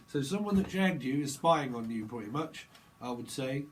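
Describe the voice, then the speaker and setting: A man talks through a tarot reading off the cuff, in a medium-pitched voice. He rambles and jokes, slipping into little acted-out conversations. A faint noise sits behind him. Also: lively intonation, moderate pace. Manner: rambling, joking, acting out imagined dialogue in voices; frequent fillers and laughter. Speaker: tarot reader.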